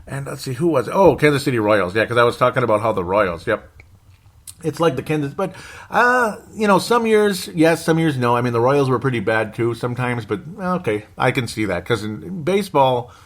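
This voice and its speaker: A man's voice: medium pitch, animated, a little fast. A man hosting a casual sports fan podcast, rambling and chatty as he reads out listener comments. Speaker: podcast host.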